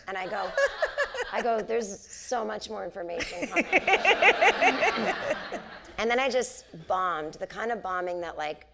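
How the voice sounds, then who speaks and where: A woman in her forties, a comedian chatting onstage and telling stories, acting out the people in them. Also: mid-range voice. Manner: animated storyteller, acts out quoted people. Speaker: comedian and author, interview guest. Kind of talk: casual onstage conversation, storytelling. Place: theater stage before a live audience.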